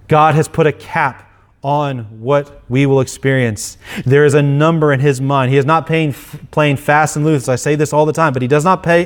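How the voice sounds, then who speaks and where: A male pastor preaching an earnest sermon, often repeating and restarting his phrases. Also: on the high side.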